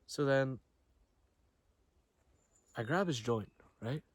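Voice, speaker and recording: A man's voice: medium pitch, animated, slow, dry recording. Young man rambling a story, slangy. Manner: slangy, profane, rambling with frequent restarts. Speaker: vlogger. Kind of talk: casual storytelling to camera. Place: outdoors near trees. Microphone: camera he films himself with.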